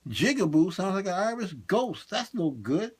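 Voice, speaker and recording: Animated male comedian with a lively voice. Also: normal speed, breathy edge. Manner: animated, swings between high excited bursts and low muttered asides. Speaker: stand-up comedian. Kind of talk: comic monologue.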